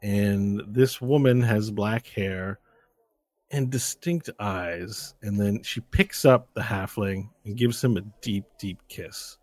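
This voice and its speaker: A man's voice: on the low side, takes it slowly, dry recording. Man narrating as game master. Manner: loose, meandering narration.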